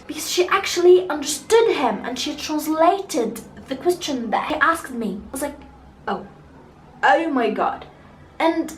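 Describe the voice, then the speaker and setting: A young woman who grew up speaking chats through a personal story in a high, light voice. She rambles casually with lots of fillers and restarts. The sound is roomy and echoey, with a faint hum of ambience behind her. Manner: chatty, many fillers and restarts. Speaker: vlogger.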